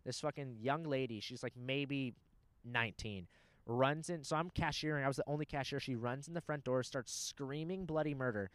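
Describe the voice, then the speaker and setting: A man's voice: mid-range voice, normal speed, dry recording. A young man telling rambling, profane stories in casual chat. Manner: animated, profane storyteller.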